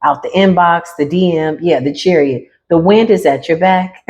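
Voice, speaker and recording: A woman's voice: lowish voice, moderate pace, darkish tone, muffled recording, slight background noise. A woman giving a casual, playful tarot reading straight to her viewers, laughing often and talking in slang. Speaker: tarot reader.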